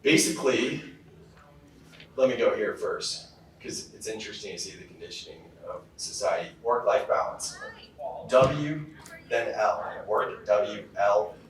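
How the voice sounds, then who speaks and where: A man's voice: fairly low pitch, a little slow, a little hiss or hum. A man from California giving a motivational keynote talk, telling stories in a casual way with lots of fillers. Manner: casual storytelling with many fillers. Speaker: keynote speaker. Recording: very echoey hall, heard from far off.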